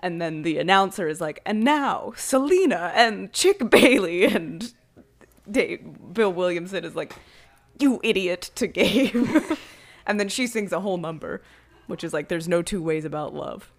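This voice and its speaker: A woman co-hosting a podcast, casually retelling an old film's plot and acting out the characters' lines with animated storytelling. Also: fairly low pitch, moderate pace. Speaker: podcast co-host. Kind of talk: casual film recap chat.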